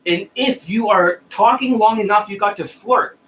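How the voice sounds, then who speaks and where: A man's voice: high-pitched, normal speed, fairly bright tone, a little hiss or hum, rough recording. A man coaching dating skills in a profane, scornful rant, insulting his listeners and checking "right?" and "you see that?" again and again. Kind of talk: ranting coaching monologue.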